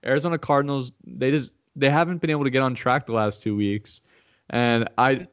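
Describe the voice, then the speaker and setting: A man's voice: medium pitch, fairly even intonation, fairly quick, clean tone, no room sound, lo-fi sound. A man talking casually through football picks, rambling with restarts and getting heated and profane when challenged. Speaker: podcast host making game picks. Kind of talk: casual sports chat.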